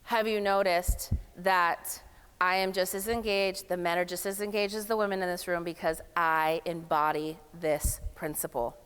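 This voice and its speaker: A woman giving a lively, playful workshop talk at a summit, speaking casually to a live room. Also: fairly low pitch, normal speed, clear, resonant tone. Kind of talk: energetic motivational workshop talk. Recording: long hall reverb.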